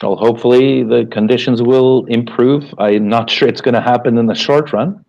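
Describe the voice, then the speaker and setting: A man interviewing a guest, asking questions in a calm, hesitant way. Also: medium pitch, normal speed, vocal fry, dull audio. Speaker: interviewer, lecturer.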